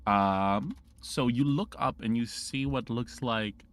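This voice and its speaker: A man narrating a tabletop game as game master, rambling and halting with many restarts. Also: medium pitch.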